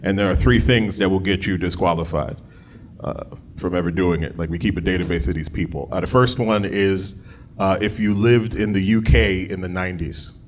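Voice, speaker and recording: Man doing stand-up, shouting bits. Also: low voice, steady tone, normal speed, slight background noise. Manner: conversational, jumps into loud shouted bits for voices. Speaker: stand-up comedian. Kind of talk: stand-up comedy set.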